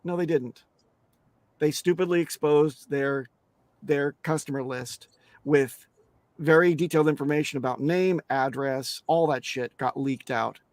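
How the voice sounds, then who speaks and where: A man's voice: fairly high pitch, a little slow, no room sound. A man speaking as a guest on a crypto interview show, emphatic and blunt, swearing casually and restarting his sentences often.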